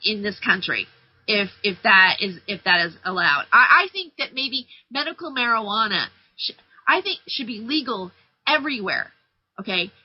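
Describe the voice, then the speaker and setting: A woman's voice: mid-range voice, expressive, normal speed, slightly rough, no echo. A middle-aged woman hosting a talk radio show, rambling bluntly and casually with lots of fillers and restarts. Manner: brash, blunt and loose, full of fillers and restarts. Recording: slightly dull lo-fi sound.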